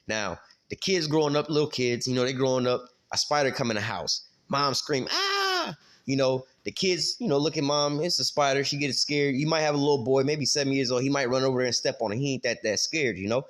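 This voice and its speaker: A man's voice: medium pitch, fast talker. A man teaching a Bible passage in a loose, conversational way, full of street slang, filler words and casual cursing. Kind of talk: informal scripture teaching.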